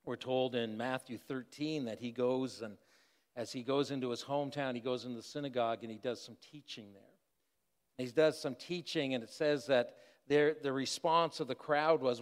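An older man preaching in a large room, his voice carrying with a long reverb tail. He talks at a mid pitch, easygoing and conversational, weaving personal stories into the sermon. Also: moderate pace. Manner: conversational storytelling with asides. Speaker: pastor.

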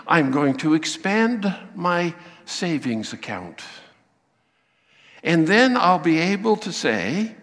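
A man preaching a sermon, acting out the voices he quotes with lively emphasis. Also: fairly high pitch, takes it slowly, long reverb tail. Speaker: pastor.

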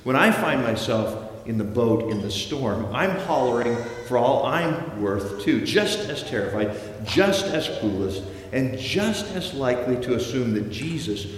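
A man preaching a sermon in a church, storytelling with dramatic shifts and acting out the voices he quotes. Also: medium pitch. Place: large echoey church hall. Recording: echoey hall reverb, faint ambience.

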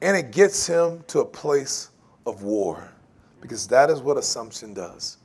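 A man preaching a sermon, animated, laughing often and acting out quoted voices. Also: mid-range voice, a little slow, breathy edge. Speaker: pastor.

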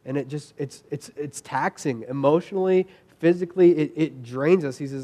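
A man's voice: fairly high pitch, moderate pace, few pauses, darkish tone. A man preaching a sermon in an earnest, conversational way, full of fillers and restarts, and reading scripture aloud. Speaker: pastor.

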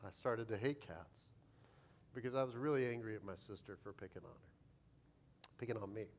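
A man's voice: fairly low pitch, a little fast, slight background noise. A man preaching as a pastor, telling a humorous, self-deprecating childhood story in a sermon.

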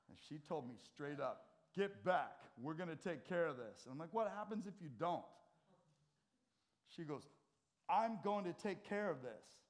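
An American man preaching a sermon in a church as pastor, telling stories conversationally and swinging between loud and soft. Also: on the high side.

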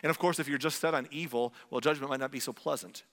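A man preaching a conversational sermon, asking rhetorical questions and slowing down for dramatic emphasis. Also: mid-range voice, fairly even intonation, a bit bright, long reverb tail. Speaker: pastor.

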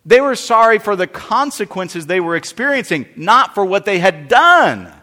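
Male pastor, sermon, high pitched, animated delivery, restarts phrases. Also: moderate pace. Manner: expository preaching, repeats words and restarts phrases. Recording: long reverb of a large hall.

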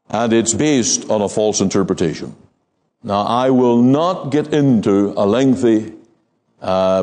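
Guy preaching a sermon, measured and emphatic, drags out the big words. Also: medium pitch, warm tone.

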